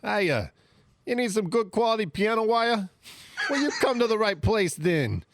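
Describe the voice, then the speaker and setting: A man's voice: big pitch swings, normal speed, no echo, studio quality. A man voicing a shady, cheery wire salesman in a spoof ad, with a put-on accent wandering between Canadian and Italian. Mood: cheery sly. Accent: put-on mix of Canadian and Italian. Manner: chirpy sales pitch with gangster slang. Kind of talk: parody radio ad.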